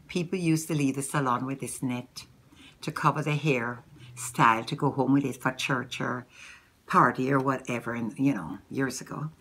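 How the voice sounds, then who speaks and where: A woman's voice: a bass voice, steady tone, normal speed, a bit bright, husky. A woman with a Jamaican accent, chatting casually to her viewers as she walks them through making a wig step by step. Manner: chatty, instructive, talks straight to the viewer. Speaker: hair vlogger.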